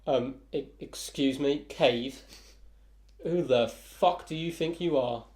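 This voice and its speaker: A man's voice: medium pitch, slow pace, a little mellow, lightly acted. A man voicing a rude, territorial male dwarf blacksmith who swears and scorns visitors, in a tabletop game. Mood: indignant. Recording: roomy echo.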